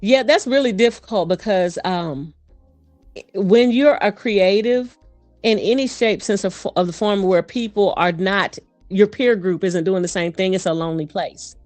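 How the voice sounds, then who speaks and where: A woman guest, a voice coach and performer, speaking in an animated, fast storytelling manner in a casual interview. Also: medium pitch, dry recording, soft background music.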